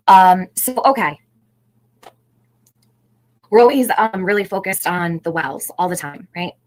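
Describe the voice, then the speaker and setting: A woman's voice: lowish voice, poor audio. A middle-aged woman hosting a casual livestream, chatting, greeting viewers by name and laughing often. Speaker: livestream host.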